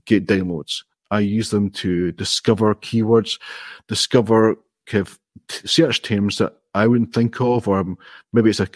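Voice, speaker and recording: A man's voice: lowish voice, a little mellow, husky, no echo, studio quality. A man, an indie app developer, explaining his approach step by step in a friendly, modest way during a casual interview.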